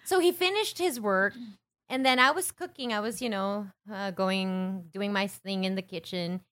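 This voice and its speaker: A woman with a Filipino accent, co-hosting a podcast, telling animated stories in casual chat and mixing in Tagalog. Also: mid-range voice, moderate pace. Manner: animated storytelling with Tagalog mixed in. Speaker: podcast co-host.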